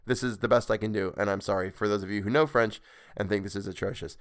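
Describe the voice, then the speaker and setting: A man's voice: fairly low pitch, a little fast. A man narrating a story for his podcast, breaking off into chatty, self-deprecating asides about his own mistakes. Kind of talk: casual audiobook narration with asides.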